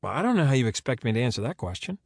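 A man's voice: mid-range voice, very animated, racing, gravelly, husky, no room sound, voice pushed up, full character voice. A man voicing a dry, sarcastic woman who is being questioned again, giving curt answers. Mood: wry. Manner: sardonic, curt replies.

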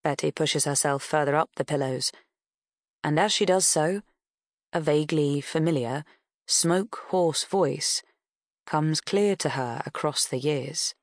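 A woman with a low voice narrates an audiobook slowly, reading a scripted story. The sound is clean studio audio with no echo.

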